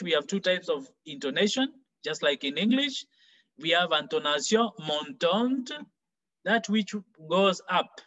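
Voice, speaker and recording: A man teaching a French lesson for exam preparation, explaining slowly and repeating example phrases. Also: high-pitched, a bit bright, dull audio. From Kenya. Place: online class.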